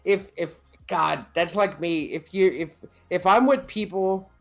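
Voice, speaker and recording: A man's voice: high-pitched, unhurried, gravelly, a bit bright. A man co-hosting a podcast in casual chat, joking, swearing often and laughing through his lines. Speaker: podcast co-host.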